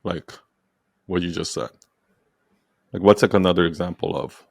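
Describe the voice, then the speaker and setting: A man's voice: deep voice, fairly even intonation, normal speed, gravelly, dry recording, clean studio sound. A man hosting a podcast, coaching his guest in casual talk, probing with questions and often checking whether he is understood. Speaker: podcast host.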